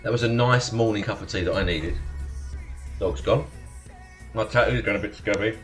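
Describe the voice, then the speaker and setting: This young Essex man, accent squarely estuary English, hosts a live stream: casual chatter, swearing, frequent laughter, and thanks to followers. His voice is fairly low and his pace moderate, with soft music in the background.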